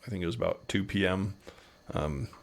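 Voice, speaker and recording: A middle-aged man with a Utah American accent, telling rambling anecdotes in a relaxed interview, slipping into playful quoted voices. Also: deep voice, brisk, vocal fry. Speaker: podcast guest. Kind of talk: casual storytelling interview.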